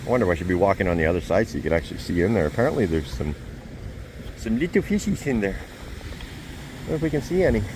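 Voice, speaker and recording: A man's voice: lowish voice, very animated, fast talker, pauses often, background noise. A chatty, self-deprecating middle-aged man from Canada vlogging as he walks around a fish hatchery outdoors. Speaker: travel vlogger. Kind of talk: casual vlog walk-and-talk.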